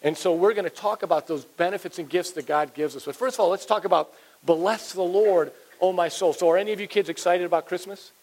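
A man in his forties, a pastor giving a playful, animated children's sermon to kids and parents in a church. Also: sits high, fast, few pauses, rough recording. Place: church sanctuary.

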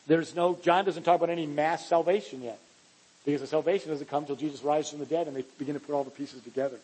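A man's voice: a little high, a little mellow, husky, rough recording. A man preaching a sermon, earnest and emphatic, often restarting his phrases as he explains a scripture passage. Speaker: pastor.

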